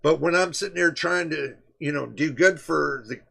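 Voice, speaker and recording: A man's voice: a little high, moderate pace, gravelly, bright, forceful tone, slightly rough. A man hosting a tech live stream, talking straight to his chat in an emphatic, repetitive way. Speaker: livestream host. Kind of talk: casual livestream chat.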